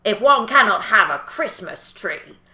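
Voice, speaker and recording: A woman voicing a grand, self-assured male peacock who declaims loudly. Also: medium pitch, animated, measured pace, echoey room. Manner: loud and declaiming.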